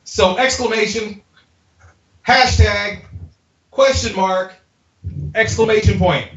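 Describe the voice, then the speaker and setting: A man's voice: high voice, slow pace, long pauses, a bit bright. A man performing a playful, self-mocking stand-up comedy set in a home garage, chatting loosely with a few people around him. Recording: echoey garage, lo-fi live stream audio.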